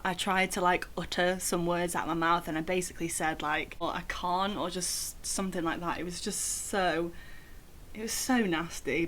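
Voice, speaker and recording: A woman's voice: fairly low pitch, moderate pace. A young woman telling a personal story in a casual vlog, chatty and full of "like" fillers. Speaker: vlogger.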